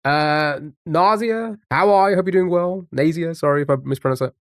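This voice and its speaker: A man's voice: a little high, moderate pace, dry recording, studio quality. A man live-streaming a word game, chatting casually and greeting viewers by name.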